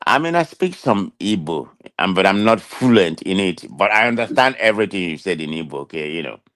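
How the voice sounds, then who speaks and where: A male talk show guest in America, with a thick Nigerian accent and a nasal yet low voice, chats casually while defending himself in an animated, defensive way, restarting his sentences often. He speaks fairly quickly, and the studio-quality recording has no room sound.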